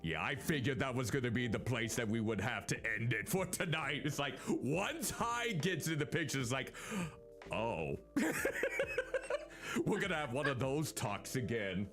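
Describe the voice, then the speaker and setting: A man's voice: mid-range voice, lively intonation, normal speed, fairly bright tone. A young man in easy let's-play chat, with a voice that swoops up and down as he jokes and hums. Playful and punning, he riffs on the game with friends over faint background music. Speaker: streamer voicing game characters.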